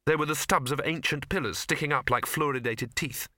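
A man narrates an audiobook in a measured, wry storytelling manner. His voice is bright and forward. The recording is dry, with no room sound. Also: fairly high pitch, no room sound. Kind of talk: scripted narration.

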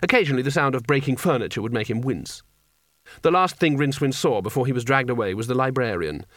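A man's voice: mid-range voice, lively intonation, fast, fairly bright tone, no room sound. A man reading a comic fantasy story aloud with dry, wry delivery. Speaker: narrator. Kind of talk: audiobook narration.

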